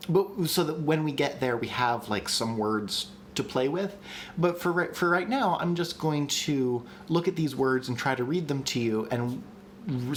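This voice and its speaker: A man of middle pitch talks through a casual live-stream lesson at a desk mic. He sounds chatty and eager, full of ums and restarts. A faint hum of room ambience sits behind him. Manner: chatty and enthusiastic, with many ums and restarts, reads chat aloud. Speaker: streamer teaching language construction.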